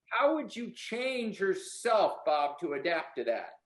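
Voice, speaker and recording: Brief: male sales trainer, high-pitched, blunt and preachy, roomy echo. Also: very animated, slow. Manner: preachy, blunt, swears casually. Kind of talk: motivational sales coaching.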